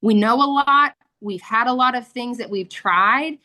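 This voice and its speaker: A woman's voice: fairly high pitch, a little slow, sharp tone. A woman in her thirties giving an earnest, emotional personal testimony as a mother, with frequent fillers. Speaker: guest sharing a testimony.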